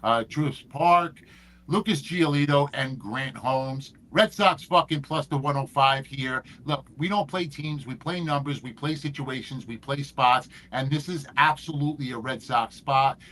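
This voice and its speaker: A man's voice: medium pitch, a little slow, pushed and bright, poor audio. A man hosting a sports betting picks show, swearing freely and hyping his picks in casual chat. His voice sits in a middle register. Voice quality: profane, hyped-up.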